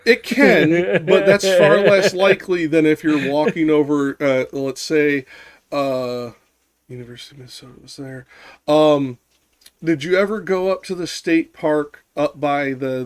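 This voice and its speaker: A man's voice: a little high, steady tone, normal speed. A man in casual chat who explains at length, rambling with restarts and casual swearing.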